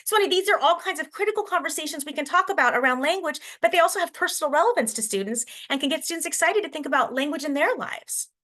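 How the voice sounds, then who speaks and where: A woman's voice: high voice, lively intonation, fast talker, few pauses, fairly bright tone. A woman teacher from Washington State giving a conference talk on language in classrooms, chatty and thinking aloud with fillers and restarts. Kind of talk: conference presentation.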